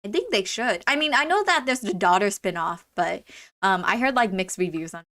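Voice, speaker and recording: A woman's voice: mid-range voice, expressive, fairly quick. A young adult woman giving chatty, bubbly commentary while streaming a game, full of "like" fillers. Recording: streamed voice over loud game music.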